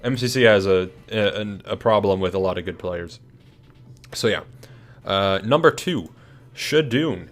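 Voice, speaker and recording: A man's voice: fairly low pitch, a little slow. A young man talking casually through a ranked list of players, chatty and hesitant, with many fillers and restarts. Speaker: video creator ranking players. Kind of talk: casual ranking commentary. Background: faint music.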